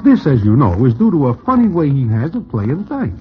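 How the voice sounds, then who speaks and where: A man's voice: medium pitch, wildly swooping pitch, brisk, soft background music. An actor narrating wryly and playing a fussy, fearful Broadway man in 1940s radio acting. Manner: wry storytelling narration, anxious pleading in scenes. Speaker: narrator and character. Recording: dull, hissy old radio recording.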